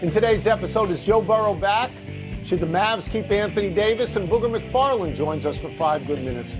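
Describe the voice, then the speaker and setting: Dry-witted older man, high voice. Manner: dry, sardonic, reads quotes crisply. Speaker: sports talk show co-host. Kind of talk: sports talk show hosting.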